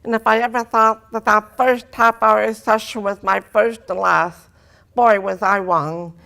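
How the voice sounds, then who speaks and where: A woman with a deaf speech pattern gives her testimony at a medium pitch for a woman. Her vowels and consonants land unusually, so listeners often take her for a foreigner. She tells her story earnestly and slips in dry humor. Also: steady tone, measured pace, vocal fry, bright, forceful tone. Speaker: speaker giving a personal testimony. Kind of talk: testimony talk to an audience.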